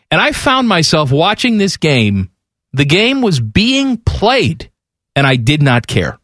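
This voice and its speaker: A man co-hosting a sports talk show in casual banter, cracking sarcastic deadpan jokes and mocking impressions. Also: on the high side, unhurried, no echo, clean studio sound. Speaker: radio sports show co-host.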